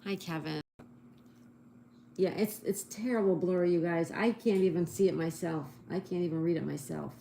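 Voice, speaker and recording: Gravelly low-voiced woman, chatty livestream. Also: moderate pace, warm tone, slight background noise. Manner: chatty, reads viewer comments aloud and spells answers letter by letter. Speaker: livestream host. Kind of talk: casual livestream chat. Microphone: phone.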